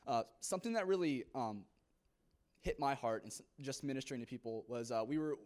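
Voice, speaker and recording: A man's voice: medium pitch, animated, brisk, darkish tone. A young man from a church youth group giving an earnest testimony to a congregation, telling his story with many fillers.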